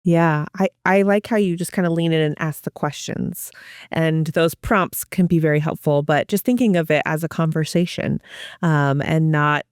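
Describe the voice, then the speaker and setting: A woman's voice: low-pitched, steady tone, normal speed, clean tone, no echo, clean studio sound. A woman hosting an interview, an affirming, agreeable listener. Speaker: host. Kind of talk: interview conversation.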